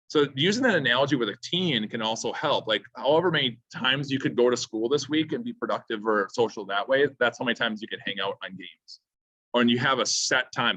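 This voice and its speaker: A man's voice: medium pitch, a bit bright, no room sound. A man leads a parent seminar at a school, earnest and pleading as he gives advice. The sound is dull and lo-fi, with a dry, close feel. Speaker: teacher and seminar speaker. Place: school room.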